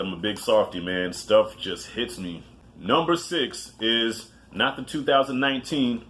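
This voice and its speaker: A man's voice: mid-range voice, a bit bright, a little hiss or hum. A man giving a casual movie countdown, talking loosely with profanity, self-mocking asides and frequent restarts. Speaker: movie reviewer.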